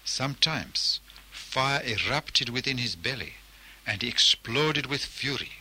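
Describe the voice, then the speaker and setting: A man narrating a folk tale in a measured, deliberate storytelling style. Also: mid-range voice, expressive, sharp tone, breathy edge, low-quality recording.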